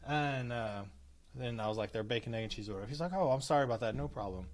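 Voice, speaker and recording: A man in his thirties co-hosting a podcast, telling an everyday story. He talks in a casual way, swears freely and acts out what people said. His pitch sits in the middle of the range. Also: fast talker. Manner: animated, acts out quotes with cursing. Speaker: podcast co-host.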